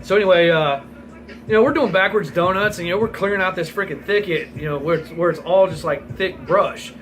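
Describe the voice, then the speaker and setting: A man in his forties spins a rambling, profane yarn, chuckling often. His voice sits high and bright. Faint music plays behind him. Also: brisk, rough recording. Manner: rambling, profane, laughs through the story. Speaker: vlogger. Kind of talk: casual storytelling.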